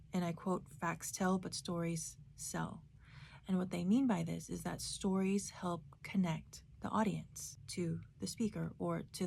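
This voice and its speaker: A woman's voice: on the low side, vocal fry, mellow, slight background noise. A woman giving a casual spoken book review, reflective and thinking aloud with tag questions.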